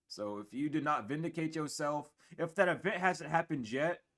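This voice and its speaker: Young guy doing a spiritual reading to camera, swears a lot, tired w/ hiccups, voice jumps all over. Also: mid-range voice. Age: 20s. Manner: blunt, profane, animated, acts out other people's voices. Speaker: tarot reader. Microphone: camera mic.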